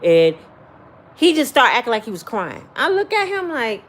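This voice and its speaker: Blunt, animated woman giving advice. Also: high-pitched, moderate pace. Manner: blunt, preachy, profane storytelling. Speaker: vlogger giving life advice. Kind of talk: casual advice chat.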